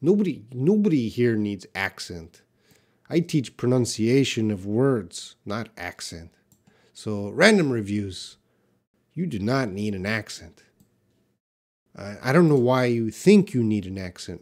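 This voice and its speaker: Slow-paced English teacher man. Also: mid-range voice, sing-song, a little mellow. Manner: patient, explains with short example sentences. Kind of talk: live Q&A lesson, reading viewer comments.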